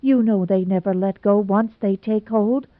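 A woman's voice: mid-range voice, moderate pace, no echo, close to an everyday voice. A woman voicing a timid young woman torn between her father and her suitor, pleading and anxious. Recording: tinny phone-like sound, dry.

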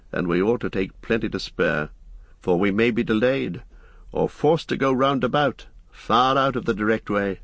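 Man doing a grave, steady ranger. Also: dry recording. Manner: low, measured, steady. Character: grave, watchful male ranger, calm and commanding. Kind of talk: audiobook character voice.

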